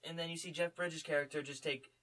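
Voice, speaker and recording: A man co-hosting a casual film chat, chatty and quick with asides. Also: fairly high pitch, steady tone, background noise. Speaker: podcast co-host.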